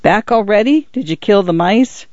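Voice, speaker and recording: A man reading a gentle, weary old pioneer. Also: sits high, lively intonation, no room sound, highs cut off, voice pushed up. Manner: slow, gentle, tired. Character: proud old male pioneer, gentle and hurt.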